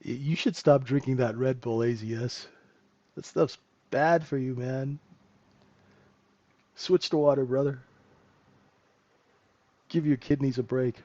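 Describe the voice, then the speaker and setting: A man's voice: medium pitch, steady tone, unhurried, pauses often, warm tone, no echo, highs cut off. A middle-aged man hosting a live trading room, chatting casually and joking with viewers, laughing often. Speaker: trading room host and mentor.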